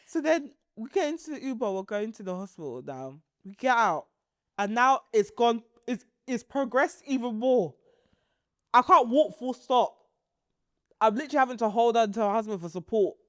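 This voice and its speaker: A high-voiced woman, chatting on a podcast and recounting a story with lots of laughter. Her voice sounds close and dry, with no room sound around it. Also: moderate pace, no echo. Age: 30s. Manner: animated, laughs often while telling a story. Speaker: podcast co-host. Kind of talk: casual storytelling chat.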